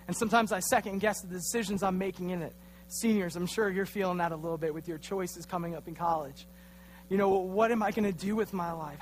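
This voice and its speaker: A man's voice: sits high, a bit bright, slight background noise. A young man in his twenties giving a casual, self-deprecating youth sermon in a church, telling a funny story and acting out the quotes. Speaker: youth pastor.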